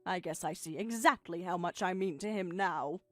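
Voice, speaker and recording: A woman's voice: fairly low pitch, moderate pace, dry recording, faint music behind, lightly acted. A synthetic female text-to-speech voice reading a hurt, sarcastic middle-aged mother in a text-message story. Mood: bitter.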